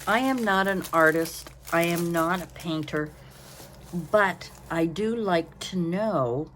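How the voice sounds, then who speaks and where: Older woman, craft vlog host, tired and chatty, unhurried delivery, faint hum in the background. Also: lowish voice, fairly bright tone. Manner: chatty, rambling, yawning, apologetic. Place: home.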